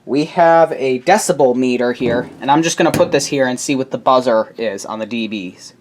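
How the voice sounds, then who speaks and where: A man's voice: mid-range voice, moderate pace. Chatty man filming his laundry room. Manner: chatty, rambling, self-correcting asides. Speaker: appliance video creator. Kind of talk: casual home video narration. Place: home laundry area. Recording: noisy home camera recording.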